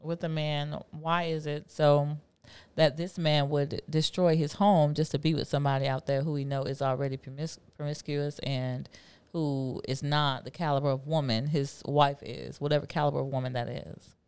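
A woman's voice: deep voice, flat delivery, moderate pace, a little mellow, smooth, dry recording. A woman in a casual podcast chat who mostly gives short agreeing interjections and sometimes poses a pointed question.

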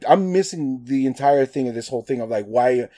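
A Nevada man with a medium-pitched voice tells a story at a fairly quick clip in casual conversation. He gets animated, curses, and acts out quotes with lots of "like."

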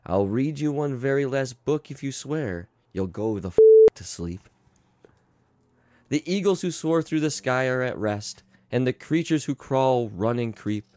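A man's voice: medium pitch, animated, measured pace, a little mellow, dry recording. A man co-hosting a podcast who reads a bedtime story aloud in a mock-soothing tone, swearing and laughing with the other hosts in a small studio. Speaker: podcast co-host. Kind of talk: casual chat and reading a story aloud.

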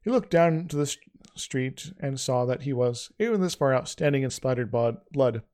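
A man's voice: medium pitch, moderate pace, a little mellow. A man reading his own story aloud in a casual way, with frequent slips and restarts.

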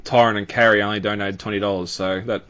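A man's voice: lowish voice, level tone, fast talker, fairly bright tone, muffled recording. A man hosting a podcast in casual chat, rambling with lots of fillers and restarts. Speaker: podcast host.

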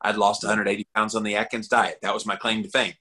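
A man with a Southern accent, a podcast guest chatting casually and telling lively stories. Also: fast talker, poor audio. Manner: animated storyteller, jumps up in pitch for quoted voices.

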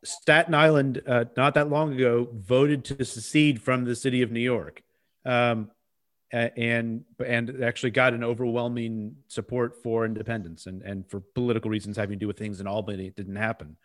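A man's voice: mid-range voice, flat delivery, normal speed. A man co-hosting a podcast, talking in a loose, conversational way with fillers and asides. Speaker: podcast co-host. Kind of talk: casual discussion.

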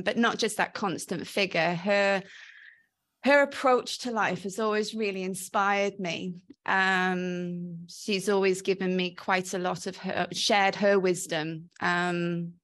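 A woman's voice, on the low side and a bit bright, carries a blend of Welsh and Australian accents. In her forties and from South Wales, she reflects on her life story as an interview guest, with many ums in casual conversation.

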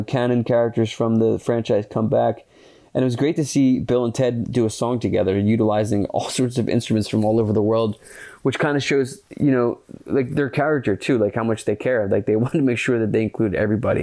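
A man talks through a film review alone on his podcast, loose and rambling with many fillers. Earnest and excitable, he swears casually, and his medium-pitched voice has a creaky quality.

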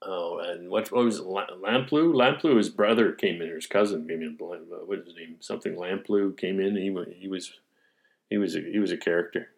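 A man interviewing an old colleague in a relaxed chat, rambling through memories with many restarts and fillers. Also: sits low, fairly quick, gravelly. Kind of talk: casual conversation.

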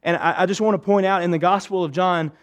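A male pastor preaching a sermon to his church, emphatic, swinging between raised urgency and hushed intensity. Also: high-pitched, fairly even intonation, fast talker.

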